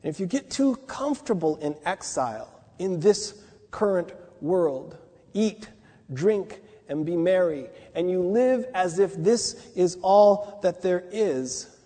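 High husky preacher in a reverberant hall. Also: male voice, animated, slow pace, mellow. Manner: conversational, asks rhetorical questions. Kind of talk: sermon.

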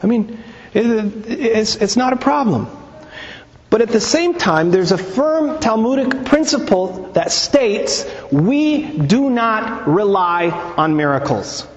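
A man's voice: high voice, expressive, takes it slowly. A man giving a conversational teaching on scripture and Talmud, retelling stories and asking rhetorical questions. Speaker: Bible teacher. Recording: long reverb, dull lo-fi sound.

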